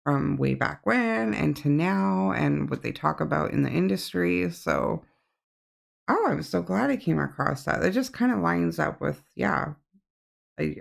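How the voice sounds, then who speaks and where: Gravelly man rambling casually. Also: a little high. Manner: rambling, many fillers. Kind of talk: casual reaction talk.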